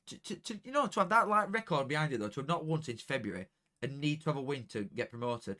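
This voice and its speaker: A young man talking casually to viewers during a football watchalong, chatty and excitable, dropping into flat mutters and jumping to loud outbursts. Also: on the high side, fast. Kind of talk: casual live commentary to viewers.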